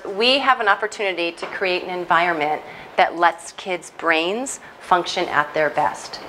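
A woman's voice: medium pitch, a little hiss or hum. Earnest woman giving a parenting talk. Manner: earnest, animated, restarts often with "right?". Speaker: psychologist speaking at a church moms' group.

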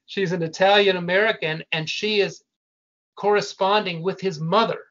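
A family business founder, an older man, appears as a guest in a casual talk, earnestly recounting stories and often restarting mid-sentence. His high-pitched, slightly bright voice moves at a moderate pace with fairly even intonation, captured in muffled lo-fi audio.

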